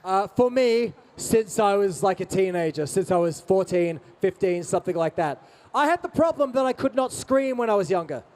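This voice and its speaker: Man, high-pitched voice, playful stage banter, convention Q&A, teasing. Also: darkish tone. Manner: playful, teasing, mixes in Japanese phrases. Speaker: band singer answering fan questions.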